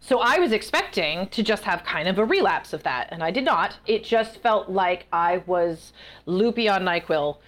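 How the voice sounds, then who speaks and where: A woman guest author in a casual interview, telling stories in a chatty, animated way. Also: on the low side, normal speed. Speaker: guest author and festival performer.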